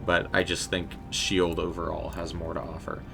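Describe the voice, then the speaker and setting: Deep-voiced man chatting through a game stream. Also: monotone, moderate pace, vocal fry. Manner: chatty and rambling, talking to chat. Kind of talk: casual live gameplay commentary.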